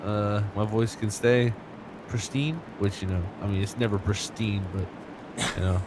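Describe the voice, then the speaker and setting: A man's voice: lowish voice, fairly even intonation, a little slow, background noise. Casual man commentating sim racing. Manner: casual, joking, filler-heavy. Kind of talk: live race commentary.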